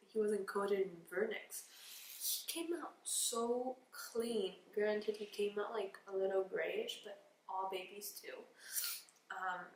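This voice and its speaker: A young woman vlogger sniffling as she tells a candid, emotional personal story to camera, slipping into whispered asides, recorded at home on a camera mic. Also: a little high. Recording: roomy echo with faint background noise.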